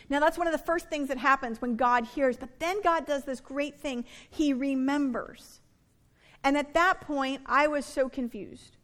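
A woman preaching with a high, light voice. She talks to her congregation in a loose, conversational way and drops playful asides into her teaching. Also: a little slow, fairly bright tone. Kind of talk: sermon.

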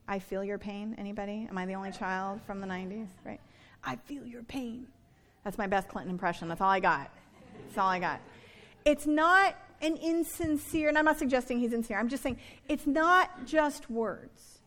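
High-voiced woman preaching earnestly. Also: expressive, pushed and bright. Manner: earnest, emphatic, slows down to stress key words. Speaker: pastor. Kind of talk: sermon.

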